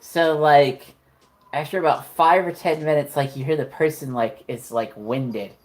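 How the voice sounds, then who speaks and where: A woman's voice: deep voice, a little slow, darkish tone. A woman narrating a tabletop horror game as game master, casual and profane, with lots of "like" fillers.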